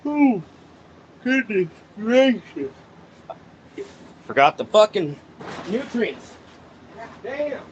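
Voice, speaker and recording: A man's voice: sits high, sing-song, extremely slow, long pauses. A man hosting a plant-growing channel, thinking aloud and cursing at himself as he mixes nutrients in a grow room, in a casual talk-along style. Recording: dull lo-fi with faint background noise.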